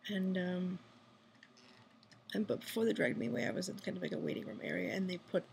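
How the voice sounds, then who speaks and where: A woman's voice: fairly low pitch, fairly even intonation, brisk, vocal fry, darkish tone, a little hiss or hum. A woman whispering a rambling video diary at night from a hospital room, full of fillers. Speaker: vlogger. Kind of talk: hushed personal video diary.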